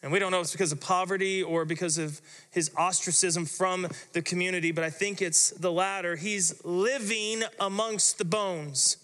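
Pastor guy preaching, bright tone, acts out the story, echoey big hall. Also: high-pitched, fairly even intonation, normal speed, clear, resonant tone. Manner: dramatic, vivid storyteller. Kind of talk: sermon.

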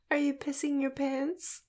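A young woman co-hosting a podcast, giggly and dramatic in unfiltered casual chat. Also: high-pitched. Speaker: podcast co-host.

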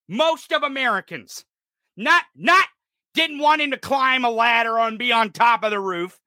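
Man, podcast host, angry swearing rant, high-pitched, bright sharp tone. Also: lively intonation, measured pace, no room sound, clean studio sound. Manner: furious, profane, shouting.

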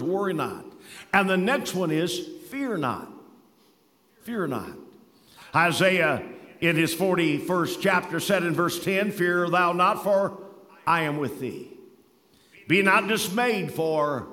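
A man's voice: a little high, pushed and bright, big-room sound. A man preaching a sermon, quoting scripture in old-fashioned wording and telling folksy stories with rising emphasis. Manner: preaching with scripture quotations in King James wording.

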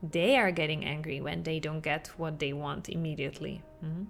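Gravelly-voiced woman podcast host. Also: deep voice, normal speed, faint music behind. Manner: animated, acts out quotes with laughs. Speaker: podcast host, parenting coach. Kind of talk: podcast monologue.

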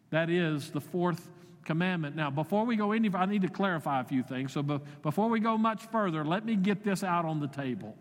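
A man's voice: a little high, expressive, brisk. A man preaching a sermon as pastor, conversational, with wry asides and shifting emphasis. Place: church sanctuary. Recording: long reverb of a church sanctuary.

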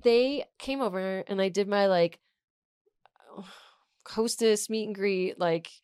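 Young woman co-host, casual chat, animated storyteller, mid pitch, dry close mic. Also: slow pace, clean tone, no room sound. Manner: animated storyteller, acts out quotes. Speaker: podcast co-host.

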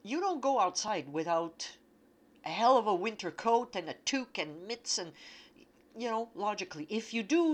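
A woman's voice: medium pitch, lively intonation, normal speed. A woman from Canada, talking casually and bluntly about self-trust, swearing freely and acting out inner voices. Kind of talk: casual self-help talk.

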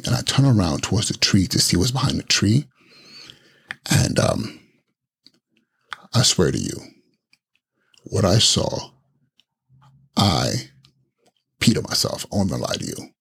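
Husky, gravelly man telling a scary story. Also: low-pitched, wildly swooping pitch, measured pace, pauses often, fairly bright tone. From Nigeria. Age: adult. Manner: dramatic storytelling with repeated words and restarts. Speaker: podcast host. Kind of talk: personal scary story told on a podcast.

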